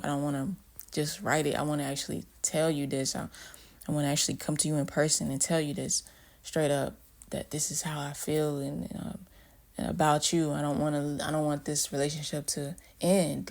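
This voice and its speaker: Rambling, gravelly man talking through his album. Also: on the high side, flat delivery, fairly quick. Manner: rambling, reflective, many fillers and restarts. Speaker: artist discussing his album. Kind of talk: casual spoken commentary.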